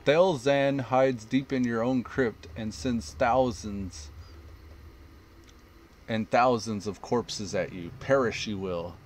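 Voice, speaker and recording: A man's voice: mid-range voice, slow, natural voice, rough recording. A man voicing a captive undead male mayor, sneering and defiant, with a grim, hissing manner.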